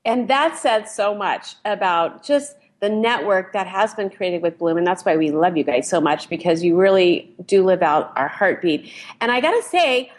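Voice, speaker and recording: A woman's voice: mid-range voice, animated, normal speed. A woman co-hosting a talk show, speaking earnestly in long, flowing run-on sentences. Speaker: co-host. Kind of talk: casual talk show chat.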